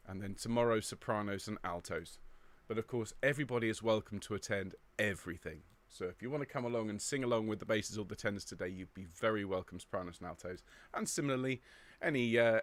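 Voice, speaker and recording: A chatty man from England hosting a choir live stream, greeting viewers and reading out their comments in a relaxed, upbeat way. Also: lowish voice. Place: indoor room overlooking a square.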